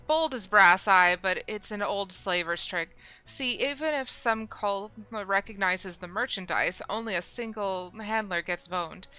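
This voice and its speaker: A woman reading a gruff, streetwise male rogue from a video game, using a thick slangy put-on accent. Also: medium pitch, sharp tone, dull audio, lightly acted. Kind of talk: reading game dialogue aloud.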